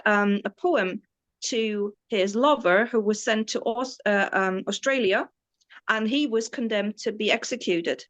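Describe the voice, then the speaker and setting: A German-born woman in her forties, with an English accent tinged by the British Isles, telling stories as a tour guide in an enthusiastic, rambling way with many restarts. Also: medium pitch. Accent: British Isles-influenced English. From East Germany. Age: 40s. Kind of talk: casual interview storytelling.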